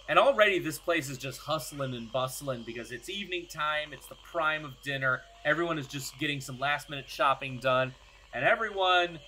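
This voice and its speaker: A young man narrating a tabletop game as game master, in a relaxed, rambling way. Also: medium pitch, slight background noise.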